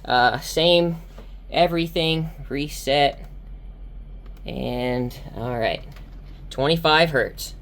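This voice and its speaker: A woman with a fairly low voice narrates her subwoofer tests from inside a car. She is excitable and exclaims to her viewers between casual explanations. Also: extremely slow, pauses often, a little hiss or hum. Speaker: car audio enthusiast testing subwoofers. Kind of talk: excited vlog commentary.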